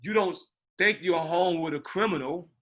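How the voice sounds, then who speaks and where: Bright-voiced man director, rambling. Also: high voice, normal speed, lo-fi sound. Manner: rambling, repeats words, says "you know what I mean". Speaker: film director interviewed. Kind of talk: casual interview talk.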